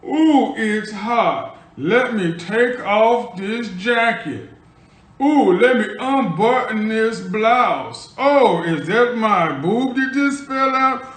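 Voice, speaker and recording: A man voicing a big, flirty woman trying to seduce her hired date, with slow, sultry, drawn-out delivery. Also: sits high, animated, a bit bright, roomy sound, exaggerated voice, rough recording. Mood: seductive.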